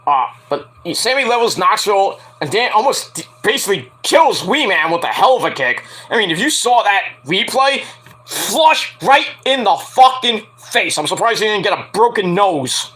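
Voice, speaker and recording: Profane, animated man reviewing wrestling. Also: high-pitched, moderate pace, hardly any pauses. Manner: profane, rambling, acts out quotes with yelps. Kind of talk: casual solo review.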